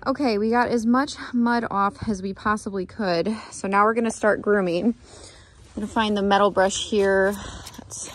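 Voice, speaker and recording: A woman's voice: mid-range voice, fairly even intonation, moderate pace, faint music behind. A woman talking casually while grooming her horse, chatting to the camera and cooing to the horse between tips. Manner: chatty, talks baby talk to her horse. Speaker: horse riding vlogger. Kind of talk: casual vlog narration. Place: outdoors at a horse barn.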